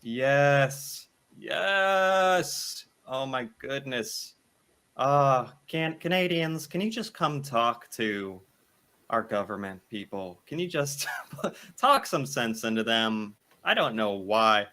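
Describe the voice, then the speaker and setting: Animated, bright-voiced American man. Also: mid-range voice, takes it slowly, clean tone. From United States. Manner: animated, laughs often, thinks aloud. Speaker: video reactor. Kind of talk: casual reaction commentary.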